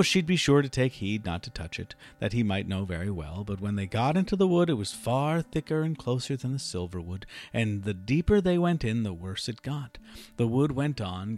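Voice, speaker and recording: Man reading a fairy tale aloud. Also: fairly low pitch. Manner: expressive, measured storytelling. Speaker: storyteller.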